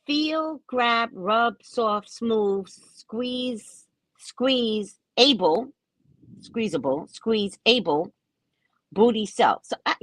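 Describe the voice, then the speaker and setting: A woman podcast host tells a story in casual chat, mocking and animated, laughing often and jumping up in pitch when exasperated. There's no room sound.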